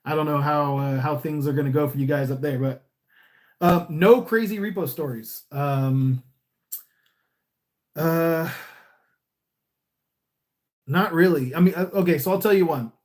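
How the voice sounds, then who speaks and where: A Californian man talks loosely through a live stream, answering viewer comments as he goes. His delivery is smiley and easygoing, wandering through restarts. His voice sits a little higher than most men's. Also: a little slow, long pauses, a little mellow. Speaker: repo agent and YouTuber. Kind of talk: casual live-stream chat reading comments.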